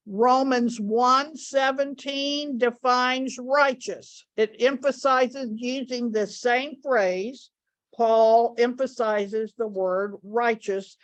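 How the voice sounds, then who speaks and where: A woman teaching a Bible study lesson, speaking deliberately and repeating key words for emphasis. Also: a little high.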